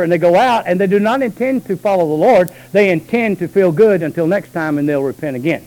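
A high-pitched male preacher, delivering a sermon. He talks quickly and low in his asides, then climbs into long, shouted, stretched-out lines. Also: poor audio. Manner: swings from low talk to high shouted calls.

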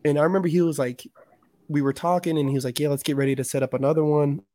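A man's voice: on the high side, fairly even intonation, fast, dark tone, no room sound, clean studio sound. A man in casual chat, telling stories loosely with slang and plenty of swearing. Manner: loose, profane storytelling with slang.

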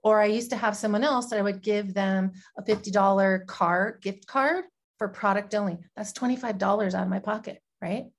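A woman's voice: medium pitch, moderate pace, a little hiss or hum. A woman guest in a casual interview, talking about her small business in a plain, matter-of-fact way.

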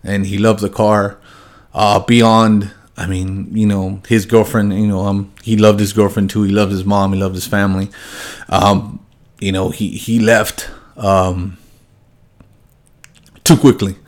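A young man with a somewhat low voice talks haltingly, full of pauses and restarts. He is choked up and subdued, his voice sinking quieter on the hardest parts. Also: little pitch movement. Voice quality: halting, many fillers and restarts. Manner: subdued and heavy, voice dropping low when grieving. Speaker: car shop owner. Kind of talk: emotional personal remembrance to viewers.

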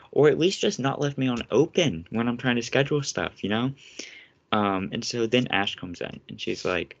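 A young man hosts a casual podcast with a fairly low voice. He rants and vents with sarcasm and plenty of swearing. The recording sounds dull and lo-fi. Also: lively intonation, fairly quick, a bit bright. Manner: ranting, sarcastic, swears often. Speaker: podcast host.

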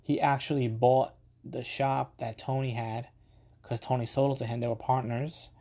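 A man's voice: mid-range voice, warm tone. A man, hosting a podcast and telling a rambling, casual story full of asides and the odd swear word. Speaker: podcast host.

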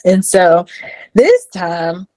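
Animated woman telling her story. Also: very slow, low-quality recording. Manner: animated, acts out quotes in a high voice. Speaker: guest. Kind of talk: casual storytelling.

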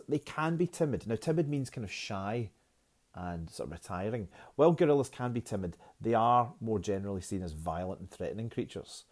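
A man's voice: fairly low pitch, a little mellow. A man, teaching a poetry lesson in a chatty, self-mocking way, with fillers.

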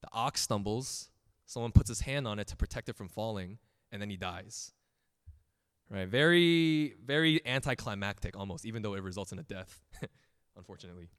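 A man's voice: on the low side, normal speed, clear, resonant tone. A young man giving a casual sermon as pastor, telling personal stories, often laughing and acting out the voices of others. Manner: animated, laughs often, acts out quoted voices. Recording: long hall reverb.

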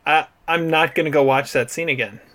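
A man chatting on a casual movie podcast, a little higher than most men and with a bright, forward tone. He laughs easily and repeats short phrases while he thinks. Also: fairly quick, slight background noise. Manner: laughs often, repeats himself. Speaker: podcast co-host.

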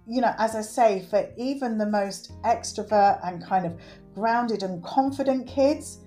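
A woman's voice: fairly high pitch, a little slow, faint music behind. A middle-aged woman, a guest in an interview, speaking earnestly and acting out quotes. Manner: earnest, animated, acts out quotes. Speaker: guest, works with children. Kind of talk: conversational interview.

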